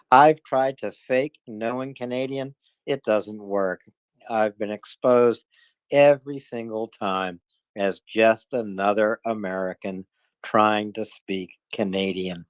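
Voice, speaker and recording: Joking New England host. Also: male voice, on the low side, clean tone, dry recording. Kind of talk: casual chat.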